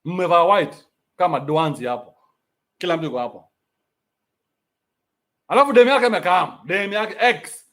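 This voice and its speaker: A man with a Kenyan accent hosting a podcast, ranting in a mocking, animated way and swearing freely. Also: high-pitched, normal speed, long pauses. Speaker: podcast host. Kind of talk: ranting commentary.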